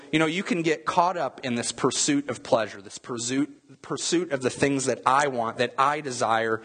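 A man's voice: mid-range voice, fairly bright tone. A middle-aged man preaching a sermon, telling stories in a conversational way with lots of fillers. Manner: storytelling, conversational with many fillers. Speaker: pastor.

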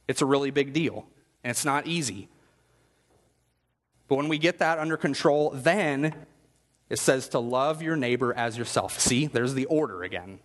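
A man of middle pitch preaches in an easy, conversational way and often asks the congregation questions. His voice carries a long reverb from a large hall. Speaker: pastor. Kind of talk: sermon.

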